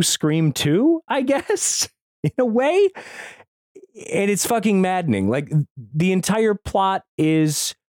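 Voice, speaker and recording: A man co-hosting a podcast in casual chat, excitable, swearing and laughing often. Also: fairly high pitch, dry recording, studio quality. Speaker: podcast co-host.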